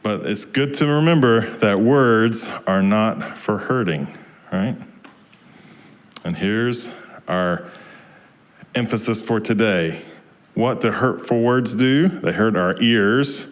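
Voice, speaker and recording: A low-pitched man from Georgia in the US, a minister sharing a story with the children during a service. He talks gently and encouragingly, reading aloud and asking the kids to answer back. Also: slow pace, pauses often. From Georgia, USA. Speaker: guest minister.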